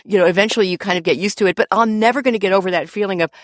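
A woman guest on a podcast, a lawyer and author, telling stories in lively, casual chat, laughing often and swearing freely. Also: medium pitch, very fast, dry recording, studio quality.

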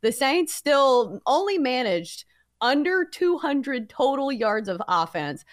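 A woman's voice: sits high, slow, no echo, clean studio sound. A woman co-hosting a sports betting podcast, teasing the others and running through the picks. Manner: lively, teasing, runs the recap. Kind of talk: casual sports betting talk.

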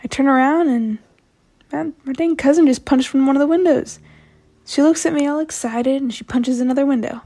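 A woman's voice: sits high, brisk, mellow. A young woman casually telling a personal story to a podcast, chatty and self-mocking.

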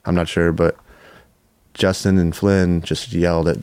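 Man in his forties from Buffalo, podcast guest. Low-pitched, dry close sound, laid-back rambling delivery. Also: little pitch movement, measured pace, darkish tone, clean tone, no echo. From Buffalo, New York. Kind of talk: casual storytelling.

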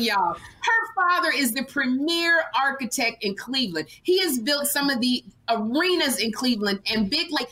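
A woman co-hosting a comedy podcast, teasing her friend in animated banter and acting out what others said. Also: sits high, moderate pace, few pauses, a little hiss or hum, poor audio. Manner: animated, ribbing, acts out others. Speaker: podcast co-host.

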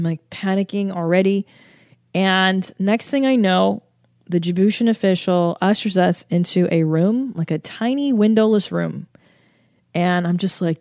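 A woman's voice: medium pitch, a little mellow, dry recording, studio quality. A young woman comedian telling a travel story with lots of swearing and self-mocking jokes. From United States. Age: young adult. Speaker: comedian and podcast host. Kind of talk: comic storytelling.

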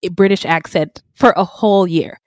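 A woman's voice: lowish voice, steady tone, moderate pace, dry recording. A woman co-hosting a true crime podcast, chatty and laughing, with stammering restarts. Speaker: podcast co-host. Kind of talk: casual true crime chat.

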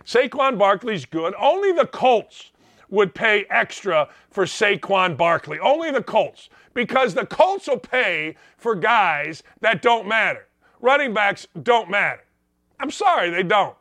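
A man hosting a sports radio show, ranting loudly and mockingly about players. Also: sits high, sing-song, unhurried, dry recording. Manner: loud, mocking, does whiny voices of players. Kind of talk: opinionated sports rant.

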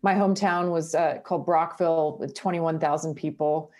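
A Canadian woman who reports on sports talks in a relaxed interview, her voice sitting a little low. She tells her stories with energy and laughs often as she goes. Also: moderate pace. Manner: lively storyteller, laughs often. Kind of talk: casual interview chat.

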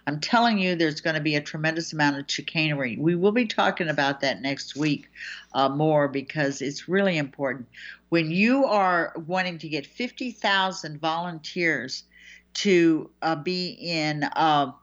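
A chatty woman hosts a freewheeling talk show with a low-set voice, laughing between her points. The sound is dull and lo-fi. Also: normal speed. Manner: chatty, laughs often, animated asides. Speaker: host. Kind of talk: casual chat.

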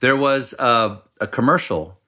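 A middle-aged man from South Carolina, a podcast guest telling wry, animated stories. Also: mid-range voice, measured pace. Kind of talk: casual conversation, storytelling.

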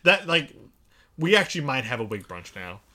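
A young man co-hosting a casual chat, reacting quickly and teasing his friend. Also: medium pitch, big pitch swings, sharp tone. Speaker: podcast co-host.

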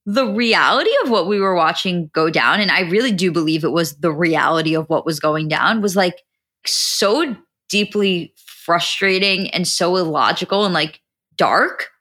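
A woman's voice: lowish voice, moderate pace. A woman co-hosting a podcast, talking animatedly with many "like"s and some swearing. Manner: animated, fills talk with "like", swears. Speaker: podcast co-host. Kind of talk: casual recap chat.

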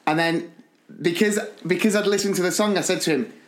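A man, one of the podcast's hosts, telling a school story in a lively, animated way and acting out the people in it. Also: high-pitched, brisk, roomy sound. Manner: animated, acts out the people in his stories. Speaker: podcast co-host. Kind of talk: casual storytelling chat.

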